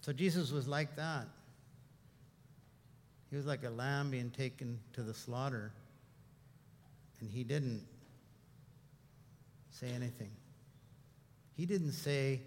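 A male pastor preaching a sermon, telling stories and moving between hushed reflection and animated telling. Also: mid-range voice, slow pace, long pauses, long reverb tail, a little hiss or hum.

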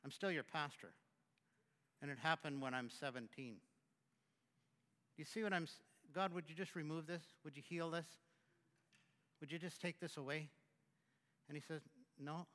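A man preaching a sermon as the pastor, talking conversationally with halting restarts and swinging from loud to hushed. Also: a little high, long reverb tail.

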